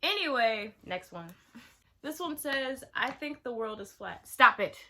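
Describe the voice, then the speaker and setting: A young woman vlogger chatting casually as she reads out viewer confessions, animated and exclaiming, with sudden loud outbursts and quiet asides. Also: on the high side, a little slow, a little hiss or hum.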